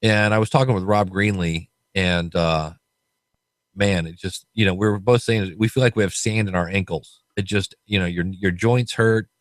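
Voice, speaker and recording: A man's voice: sits low, moderate pace, dry recording. A man hosting a podcast, chatting casually and telling stories with quoted voices. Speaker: podcast host.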